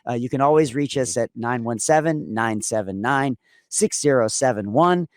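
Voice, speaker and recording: A man's voice: mid-range voice, lively intonation, normal speed, no room sound, studio quality. A man co-hosting a casual podcast, talking in long rambling sentences with frequent restarts. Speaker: podcast co-host.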